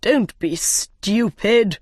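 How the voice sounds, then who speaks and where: A woman putting on an impatient storybook king who hands down threats in a slow, heavy, commanding way. His delivery is dry and close, with each word weighed out. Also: mid-range voice, a little mellow, no echo. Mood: stern. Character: stern, impatient male king presiding over a trial.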